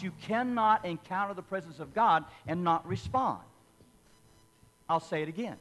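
Man, high voice, impassioned church sermon, repeated questions. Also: lively intonation, fairly bright tone. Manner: impassioned preaching, rapid-fire repeated questions. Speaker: pastor. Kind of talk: sermon with congregational call-and-response. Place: church sanctuary.

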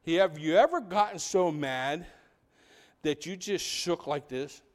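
A man preaching a sermon as pastor, animated, asking the congregation rhetorical questions and dropping into quiet asides. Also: on the high side, slow pace.

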